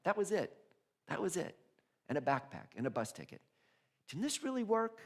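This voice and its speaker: A middle-aged male minister giving a sermon, telling a personal story in an animated way, laughing often and acting out other people's voices. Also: medium pitch.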